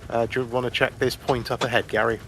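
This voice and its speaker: A man's voice: mid-range voice, flat delivery, fast, creaky, fairly bright tone, slight background noise. A man co-playing on a gaming stream, chatting with a dry, wry humour. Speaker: co-player on stream. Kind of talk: casual gaming chat.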